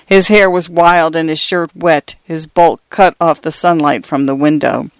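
A woman host reading short stories aloud on the radio in a measured, literary way. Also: low-pitched, steady tone, no echo. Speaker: radio story reader and host. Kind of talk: scripted story narration.

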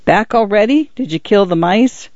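A proud old pioneer grandfather, read by a man, speaking gently and wistfully, his voice a touch high for a man. The audiobook recording is dull and dry. Every line comes out slow and quiet. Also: animated, no echo. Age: older.

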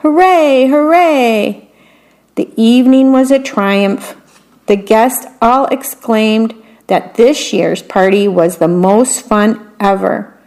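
A woman's voice: medium pitch, fairly even intonation, slow, a little mellow. A woman reading a picture book aloud, stopping to comment on what each picture shows. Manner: adds chatty commentary on the pictures. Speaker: story reader.

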